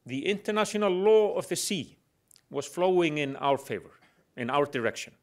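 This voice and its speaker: Brief: middle-aged man lecturing in English, slightly high voice, wry humor, pauses on "uh". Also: expressive. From Iceland. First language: Icelandic. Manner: explanatory with dry humor, hesitant fillers. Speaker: guest lecturer. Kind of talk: public lecture.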